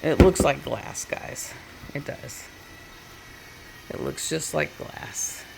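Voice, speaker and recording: A woman's voice: deep voice, takes it slowly, gravelly, very noisy. A woman, a crafting vlogger chatting casually and retelling a story with quoted voices at her home workstation.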